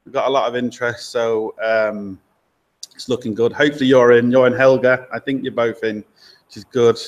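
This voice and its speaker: Speaking in a mid-range voice with fairly even intonation, a man hosts an informal garage-workshop live stream and reads viewer comments aloud. His talk is loose, with fillers and quick asides, and a helper holds the laptop or camera mic recording him.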